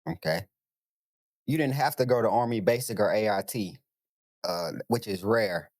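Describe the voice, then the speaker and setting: A male podcast host asking brief, measured interview questions. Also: on the low side, animated, no echo, studio quality.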